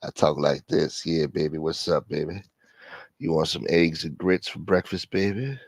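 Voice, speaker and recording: A man putting on a drowsy crooning morning voice. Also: no echo. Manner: slow, low and crooning. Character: drowsy smooth-talking man just woken up. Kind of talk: comic put-on voice.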